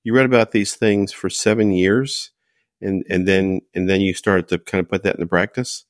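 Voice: low-pitched, fairly even intonation, normal speed, dry recording, clean studio sound. A podcast host interviewing a guest, cutting in to check and sum up her story. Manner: interjects to clarify and recap.

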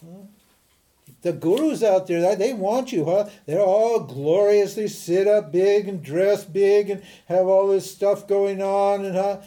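A man gives an informal spiritual lecture to a class, his high-sitting voice moving a little slowly. He talks in a lively, conversational way, with frequent laughter and restarted sentences.

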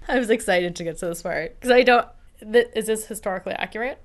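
Woman guest, jokey, quick to laugh, mid-range voice, casual. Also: mid-range voice. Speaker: podcast guest. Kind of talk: casual chat.

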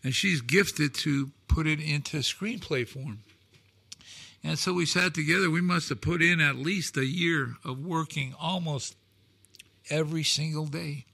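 A man in his sixties telling stories as a talk show guest, acting out dialogue with shouted quotes and emphatic delivery. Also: on the high side, unhurried, gravelly, dry recording. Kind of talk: animated storytelling on a talk show.

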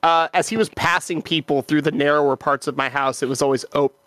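A man's voice: a little high, steady tone, quick pace, fairly bright tone, no room sound. Joking man with a dry close voice. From Seattle. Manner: joking, swears casually. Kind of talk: casual chat.

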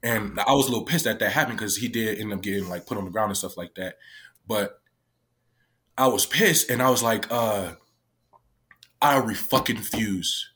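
A man's voice: fairly low pitch, brisk, fairly bright tone. A man who works with young people, telling a story in a casual way, with lots of swearing and fillers. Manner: loose, profane, full of "like" fillers. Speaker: youth worker.

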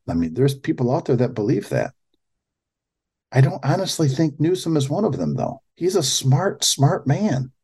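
A man's voice: medium pitch, dark tone, breathy edge. A man hosting a political commentary show, talking in an incredulous way and often restarting his sentences. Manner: incredulous, halting with repeated restarts. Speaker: podcast host.

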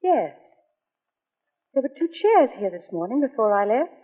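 A heartfelt young society wife with a high, expressive voice that rises and falls widely. She sounds earnest and tender. The broadcast is thin and tinny, with a long reverb. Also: normal speed. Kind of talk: 1940s radio acting.

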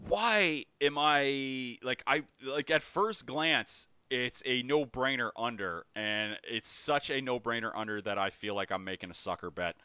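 A man co-hosting a casual sports betting podcast, talking in animated bursts and restarting his sentences as he thinks aloud. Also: mid-range voice, measured pace, hardly any pauses, clear, resonant tone, dry recording, lo-fi sound. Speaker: podcast co-host.

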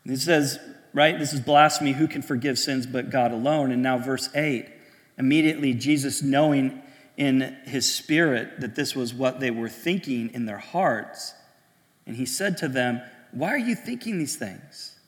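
A man preaching a sermon to young adults, in a conversational style full of restarts and lively asides. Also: medium pitch, normal speed, in a large hall.

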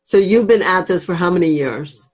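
Woman interview host with a low, husky voice who keeps her questions short. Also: animated, moderate pace. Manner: asks short questions, laughs along. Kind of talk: interview chat.

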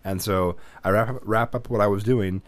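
Low-voiced man telling rambling stories. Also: fairly even intonation, moderate pace, dry recording. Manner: rambling storytelling, swears freely. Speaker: podcast co-host. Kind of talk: casual chat.

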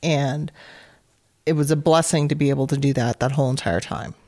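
A woman's voice: very deep voice, steady tone, fairly quick, a little mellow. A woman guest in an interview, co-owner of a business with her husband, talking candidly and joking about their roles. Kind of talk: casual interview talk.

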